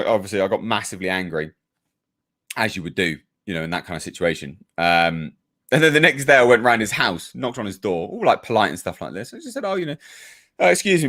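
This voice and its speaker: A man's voice: mid-range voice, fairly bright tone. A British man hosting a casual live stream, reading viewer comments and telling a profane, ranting story about a neighbour. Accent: British English. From United Kingdom. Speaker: YouTube reviewer hosting a live hangout.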